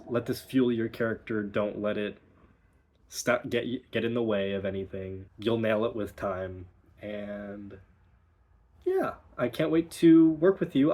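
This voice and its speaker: A man's voice: mid-range voice, darkish tone. A young man teaching pronunciation as a dialect coach, explaining patiently and encouragingly. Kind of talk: recorded pronunciation lesson.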